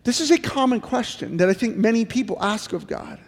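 A man's voice: high-pitched, big pitch swings, fairly quick, creaky, big-room sound. A middle-aged male pastor giving an earnest sermon, full of repeated pleading questions. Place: church sanctuary.

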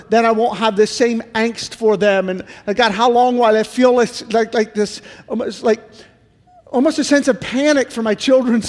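A man's voice: high-pitched, long reverb tail. A middle-aged male pastor giving an earnest sermon, full of repeated pleading questions. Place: church sanctuary.

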